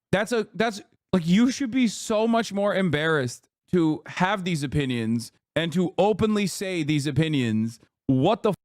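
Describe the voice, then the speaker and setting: A man's voice: on the high side, dry recording, clean studio sound. A man streamer giving profane, sarcastic commentary on a video. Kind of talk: casual live-stream commentary.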